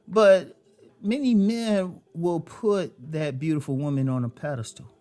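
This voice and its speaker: A man's voice: on the high side, expressive, moderate pace. A man hosting a dating advice show, speaking to women in a loose storytelling way, with many fillers. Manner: conversational, storytelling, frequent fillers and laughs. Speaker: host. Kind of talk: casual advice monologue.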